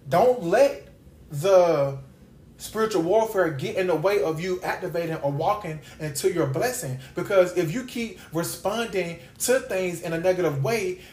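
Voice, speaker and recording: A woman's voice: on the low side, moderate pace, a little mellow. A woman hosting a podcast Bible study, teaching in an informal devotional style with an emphatic, repetitive preaching cadence. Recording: echoey room.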